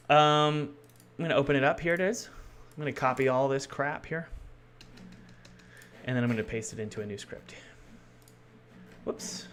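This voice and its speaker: A man's voice: medium pitch, a bit bright. A man streaming his game development work, chatting loosely with viewers and thinking aloud as he codes, often correcting himself mid-sentence. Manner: rambling, loose and self-correcting; thinks aloud while working.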